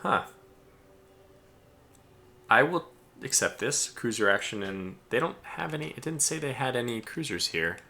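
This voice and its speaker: A man's voice: mid-range voice, lively intonation, unhurried, pauses often, bright, forceful tone, a little hiss or hum. An American man casually commentating his own live strategy game stream, chatty and chuckling as he barks orders at his ships. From United States.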